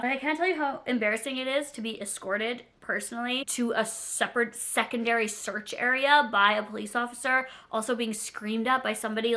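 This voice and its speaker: A young woman vlogger tells a story in a chatty, rambling way. Her voice is bright and sits a little high. She is animated and self-deprecating, with filler words everywhere. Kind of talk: casual storytime.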